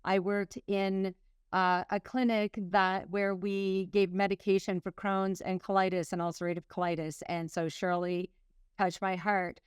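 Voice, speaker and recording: A woman's voice: medium pitch, little pitch movement, a little slow, smooth, dry recording, clean studio sound. A middle-aged woman from Canada, a former nurse speaking as a guest author, talking in an effusive, heartfelt way with frequent restarts. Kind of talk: emotional personal talk.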